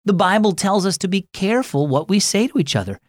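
A man voicing a calm, gently firm mother in a children's audio story, using a raised, soft motherly tone. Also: high voice, fairly quick, no echo, studio quality, voice pushed up. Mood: gentle.

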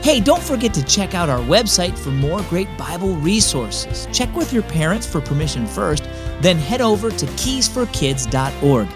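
A man's voice: sits high, big pitch swings, moderate pace, over music. A man hosting a children's devotional program, upbeat and speaking directly to kids in scripted narration. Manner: upbeat, friendly, kid-directed.

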